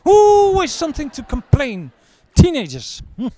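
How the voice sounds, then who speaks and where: A scornful, dismissive doctor, put on by a man, with a high, loud and sneering voice. The sound is close and dry. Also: wildly swooping pitch, measured pace, dry recording, full character voice.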